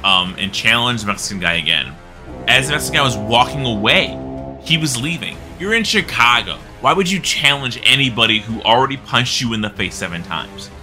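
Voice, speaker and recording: A man telling a wild neighborhood story on a podcast, talking with a lively voice that rises and falls a lot. He laughs as he goes and acts out the quotes. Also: mid-range voice, fairly quick, faint music behind. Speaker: podcast host. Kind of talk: casual storytelling.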